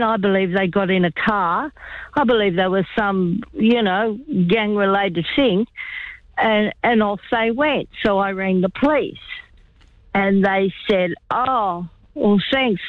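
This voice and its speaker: An older woman phones in to talkback radio and tells a long story in a rambling, chatty way. Her voice comes through a narrow, tinny phone line that sounds dry and close, at a middle pitch. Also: dry recording. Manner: rambling, chatty, lots of "you know". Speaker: caller.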